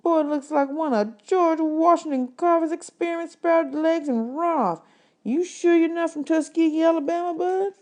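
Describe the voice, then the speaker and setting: A joking older man from a storybook, as a woman reader voices him, folksy and easygoing. He is told in a mellow, warm tone without much change from the reader's own voice. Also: very high voice, normal speed, pitched above the performer's own voice. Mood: teasing. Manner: teasing, folksy. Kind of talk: storybook read-aloud.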